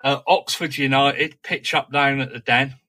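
A man conducting a conversational interview in a measured way, recounting details from match reports. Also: mid-range voice, steady tone, sharp tone.

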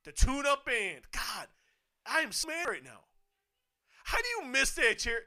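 A man giving excited live wrestling commentary, swinging from hushed muttering to sudden shouts, swearing and laughing often. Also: extremely high pitch, measured pace. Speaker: co-host of a wrestling watch-along.

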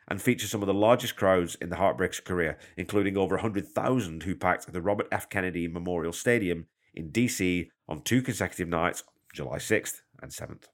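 A man hosting a music podcast, talking through a record in a chatty, enthusiastic way with conversational asides. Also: deep voice. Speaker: podcast host. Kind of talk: casual music commentary.

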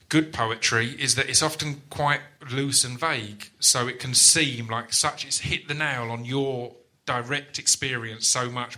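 A man's voice: mid-range voice, sharp tone. A man hosting a podcast chat, thoughtful and rambling, with frequent restarts. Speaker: podcast host. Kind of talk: casual chat.

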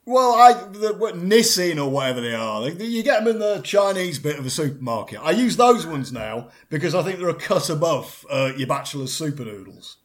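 A man, chatting in a deadpan comedy double act, pedantic and self-assured, rambling with restarts. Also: fairly high pitch, a little fast, few pauses.

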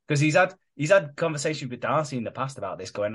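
A man's voice: mid-range voice, lively intonation, a little fast. A man co-hosting a podcast, recapping a soap storyline in a rambling, sweary way. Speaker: podcast co-host. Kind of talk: casual recap chat.

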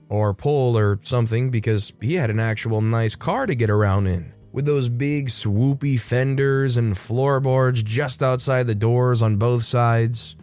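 A man reading a story aloud as a scripted narration, wry and lively, speeding up and slowing down for effect. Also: medium pitch.

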